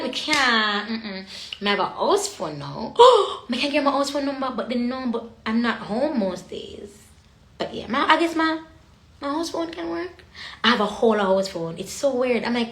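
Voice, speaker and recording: A Jamaican woman chats casually on a livestream, drifting in and out of patois. Her voice sits a little high and sounds bright and sharp. The phone picks her up in an echoey room. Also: lively intonation, moderate pace. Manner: chatty, slipping in and out of patois. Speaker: livestream host.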